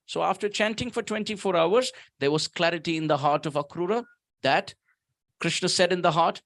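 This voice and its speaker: A man preaches at a temple in a high, ringing voice. He tells stories with emphasis and slows right down to chant verses. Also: expressive. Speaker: guest speaker at temple. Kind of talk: sermon.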